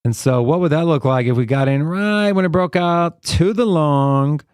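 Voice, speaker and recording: A man's voice: fairly high pitch, normal speed, clean tone, no room sound, studio quality. A man co-hosting a live trading stream, thinking aloud as he talks through chart setups in an easy, casual way. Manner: relaxed, thinks aloud with fillers while reading charts. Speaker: co-host and trader on a live trading show.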